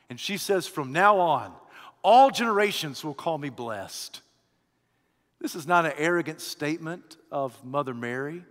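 A man preaching a sermon, calling his listeners friend and swinging between loud rising exhortation and hushed, low reflection. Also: long reverb tail. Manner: addresses listeners as friend, repeats phrases.

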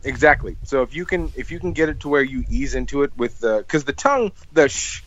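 A man's voice: mid-range voice, animated, fairly quick, lo-fi sound, slight background noise. A man co-hosting a podcast in casual chat, joking and laughing often as he explains things. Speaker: podcast co-host.

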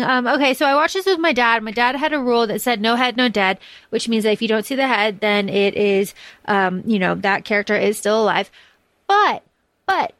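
A woman hosting a podcast, talking casually in an animated, profane way, with lots of fillers and restarts. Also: fairly high pitch, dry recording. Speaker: podcast host. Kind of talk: casual chat.

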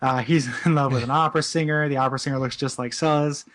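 A podcast co-host in his thirties chats casually about a video game in a mid-range, slightly bright voice with fairly even intonation. Amused and quick to laugh, he rambles and scatters in plenty of "like"s and "you know"s.

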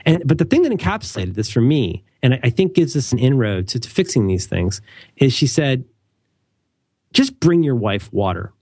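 A man's voice: medium pitch, very animated, a little fast, a little mellow, husky, dry recording, clean studio sound. A young adult man co-hosting a casual talk show. He rambles, corrects himself often and adds wry asides. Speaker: podcast co-host. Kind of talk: casual conversational chat.

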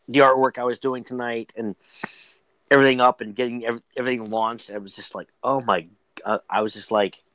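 A man's voice: medium pitch, fairly even intonation, a little fast, fairly bright tone, no room sound, rough recording. Rambling, joking man on a dry mic. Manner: rambling, joking, frequent restarts. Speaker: podcast co-host. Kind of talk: casual banter among friends.

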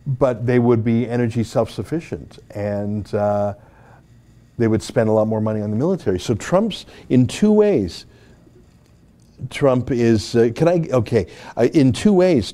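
Argumentative commentary host. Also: male voice, mid-range voice, warm tone. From Alberta, Canada. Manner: emphatic, argumentative, with frequent fillers and restarts. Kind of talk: opinionated commentary.

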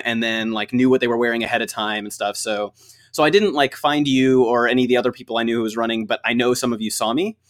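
A man in casual chat, telling a lively story with lots of filler words and frequent laughs. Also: medium pitch. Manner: rambling, filler-heavy, laughs often.

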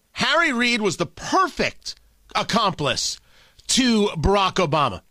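A man's voice: extremely high pitch, pushed and bright, no echo. A man hosting a political talk show, delivering combative, sarcastic commentary.

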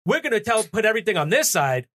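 A man co-hosting a podcast, talking in an animated, sarcastic way and swearing. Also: high voice, fast talker. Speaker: podcast co-host. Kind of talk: casual political podcast talk.

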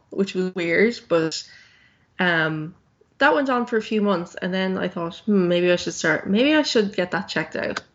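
Candid woman with a gravelly voice. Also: fairly low pitch, muffled recording. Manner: candid, plain-spoken, frequent ums. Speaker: guest. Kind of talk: telling her story in a podcast interview.

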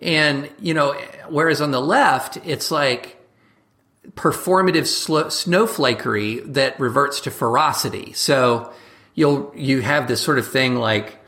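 Animated man talking politics as a guest. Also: medium pitch. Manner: quick, animated talk with mock voices for examples. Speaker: guest commentator and journalist. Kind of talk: casual conversational interview.

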